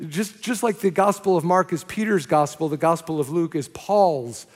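A man preaching a sermon to his church as pastor, telling stories in an animated way with quick restarts. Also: on the high side. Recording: long hall reverb.

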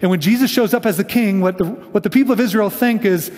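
A man's voice: high-pitched, a little fast, hardly any pauses, a little mellow, in a large hall. A man preaching a sermon in a casual storytelling way, often slipping into quoted lines. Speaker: pastor.

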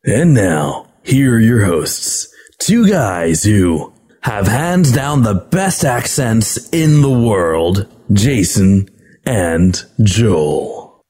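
A man putting on a slow, dark movie-trailer announcer. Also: low-pitched, animated, breathy edge, exaggerated voice. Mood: dramatic. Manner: slow, dramatic, half-whispered. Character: deep-voiced male movie-trailer announcer. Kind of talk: mock show intro.

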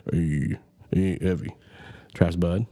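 A man's voice: sits low, takes it slowly, warm tone. A man hosting a casual movie podcast, talking in a laid-back, rambling way with many fillers. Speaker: podcast host.

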